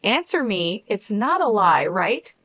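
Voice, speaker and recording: A greedy, anxious young woman pleads and then turns defensive in a storybook drama, as a narrator puts her on. The voice sits at a middle pitch and sounds dry and close. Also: sing-song, slow, a bit bright, no room sound, full character voice. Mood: desperate.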